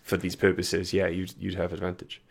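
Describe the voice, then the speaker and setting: A man's voice: low-pitched, monotone, creaky. A man running a tabletop game as game master, narrating combat and giving rulings with frequent fillers. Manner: measured, hesitant with fillers between rulings.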